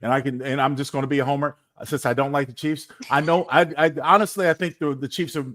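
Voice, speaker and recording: Male former-player analyst, quick delivery, emphatic and playful in casual talk. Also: medium pitch. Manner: emphatic, animated, jokey storytelling. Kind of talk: casual sports podcast talk.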